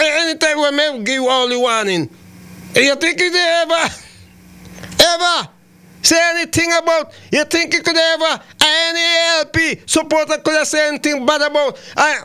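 A fiery male talk radio host, his voice pitched very high and bright with a hard, tense edge. He rants and circles back on his own words, piling up repeats as he pushes his point. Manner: fiery, ranting, repeats himself. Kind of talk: heated political talk radio rant.

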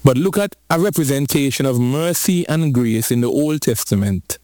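A man preaching a lively sermon, switching into patois and drawing out lines slowly for emphasis. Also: medium pitch, no echo. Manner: animated, rhythmic preaching in patois-flavored speech.

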